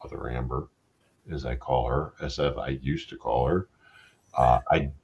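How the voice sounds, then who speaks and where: A man's voice: extremely low pitch, steady tone, moderate pace, darkish tone. A middle-aged man hosting a casual live-stream chat, blunt and profane, joking around. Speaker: host.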